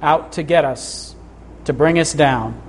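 A middle-aged pastor preaching a sermon to his congregation, his voice a touch higher than most men's. He speaks earnestly, slowing down for scripture and lifting his voice on the key points. A faint hum of room noise sits under him. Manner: earnest, rises in pitch for emphasis, reads scripture slowly. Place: church sanctuary.

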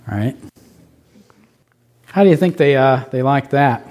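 A man's voice: medium pitch, lively intonation, slow pace, long pauses, a little mellow. A man preaching a sermon to a congregation, often posing rhetorical questions and adding playful asides. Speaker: pastor.

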